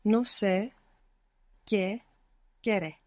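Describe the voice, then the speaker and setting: A woman's voice: mid-range voice, very slow, a little mellow, no room sound. A woman taking a language lesson, trying out answers tentatively. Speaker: language student.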